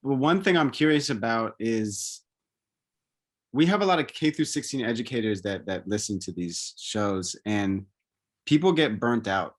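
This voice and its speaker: A man's voice: mid-range voice, lively intonation, normal speed. Male interview host, affirming and conversational, lots of murmured agreement. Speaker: podcast host.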